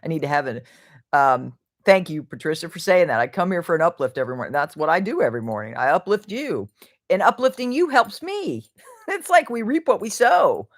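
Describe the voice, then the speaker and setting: Lively, rambling woman hosting a livestream. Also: lowish voice, brisk, no room sound, studio quality. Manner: rambling, chatty, reads out viewer comments. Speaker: livestream host. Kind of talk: casual livestream chat.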